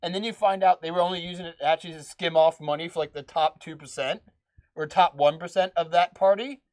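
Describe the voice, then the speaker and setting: A man's voice: a little high, fairly even intonation, fairly quick, no room sound. A man co-hosting a podcast, laying out his argument in casual chat through hypotheticals. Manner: argumentative, builds points with hypotheticals. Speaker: podcast co-host.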